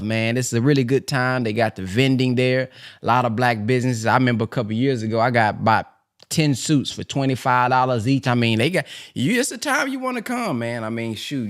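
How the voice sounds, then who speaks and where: A man hosting a casual talk show, joking and slangy in his speech. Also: mid-range voice. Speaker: host. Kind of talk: casual chat.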